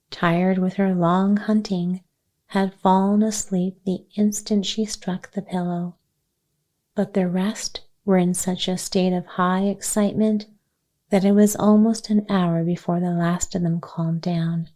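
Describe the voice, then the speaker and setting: A woman gently narrating a children's chapter book as a soothing bedtime story for sleep. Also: lowish voice. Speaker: audiobook narrator.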